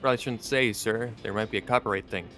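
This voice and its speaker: A man's voice: fairly low pitch, fairly even intonation, quick pace, fairly bright tone. A man voicing a polite ten-year-old boy who fancies himself a detective, saying sir often.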